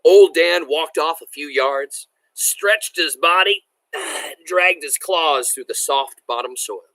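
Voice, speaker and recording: A man reading a novel aloud as a teacher, animated and enthusiastic, stopping to explain words to his listeners. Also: fairly high pitch, slow, dry recording, rough recording.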